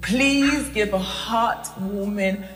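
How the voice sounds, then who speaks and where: A woman hosting a church event, giving thanks slowly before introducing a band. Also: medium pitch. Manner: slow, prayerful, thanking God. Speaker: event host. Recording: echoey hall with music behind.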